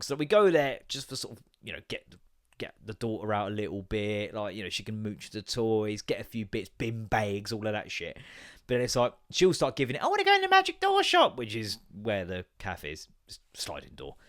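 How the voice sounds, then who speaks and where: Brief: thirties male podcast host, casual sweary storyteller, mid pitch. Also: fairly bright tone. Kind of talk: casual comedic monologue.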